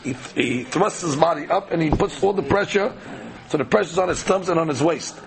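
A man's voice: fairly high pitch, brisk, creaky, noisy background. A man teaching a daily Talmud class, reading the Aramaic text aloud and explaining it in casual, conversational English.

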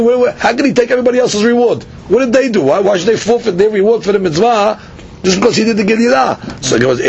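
High lively gravelly male Talmud teacher. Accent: Sephardic Hebrew pronunciation. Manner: explains Aramaic phrases line by line, with frequent fillers and repeats. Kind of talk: daily Talmud class. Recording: dull lo-fi podcast audio with faint rumble.

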